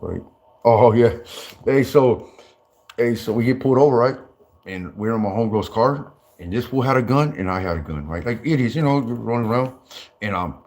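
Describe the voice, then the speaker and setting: A man telling stories in rambling, profane casual talk, stammering and restarting often and breaking into laughter. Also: fairly low pitch. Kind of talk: casual storytelling.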